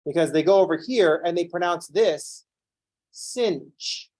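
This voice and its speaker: A man teaching a calculus class who lectures in an animated, playfully ranting way. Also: a little high, moderate pace. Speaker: calculus instructor.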